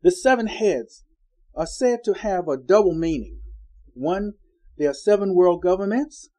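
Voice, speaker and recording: Folksy preacher guy, mellow kinda high voice, chatty bible study talk. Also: expressive, a little slow, rough recording. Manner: folksy, conversational, acts out quoted dialogue. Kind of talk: informal Bible-study sermon.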